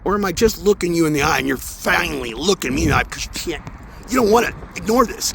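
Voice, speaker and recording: Intense, swearing vlogger, high voice that swoops widely, recorded on a phone outdoors near traffic. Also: male voice, lively intonation, quick pace, vocal fry. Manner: swearing, intense, swings between mumbling and loud outbursts. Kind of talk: rambling spiritual monologue. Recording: outdoor phone audio with street noise.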